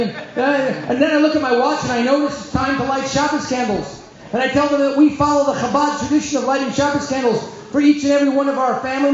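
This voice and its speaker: A man, a rabbi, telling stories to a congregation with wry humor and lively acted-out voices. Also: very high voice. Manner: animated storyteller, wry humor, acts out quoted voices. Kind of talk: storytelling talk to a congregation. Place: synagogue hall. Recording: echoey hall, dull lo-fi sound.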